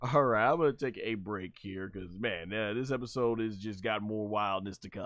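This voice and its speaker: A man reviewing an anime episode on a live stream, excitable and laughing often, acting out scenes with sound effects. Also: lowish voice, moderate pace, no room sound. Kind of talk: casual live-stream commentary.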